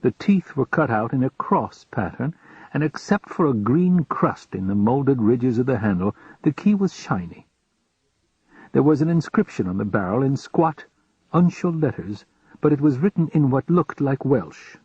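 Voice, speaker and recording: Casting: calm male storyteller, husky, dry dull lo-fi recording. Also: mid-range voice, normal speed, no echo. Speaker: audiobook narrator. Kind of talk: audiobook narration.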